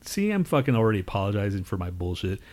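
A man's voice: lowish voice, sing-song, fast talker, a little mellow. A man co-hosting a casual podcast chat, ranting, swearing constantly and laughing often. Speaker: podcast co-host.

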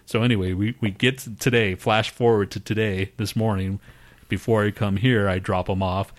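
Lowish-voiced man telling a crude story. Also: fairly even intonation, normal speed. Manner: profane, laughing, mimics others in high voices. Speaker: podcast co-host. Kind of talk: casual storytelling chat.

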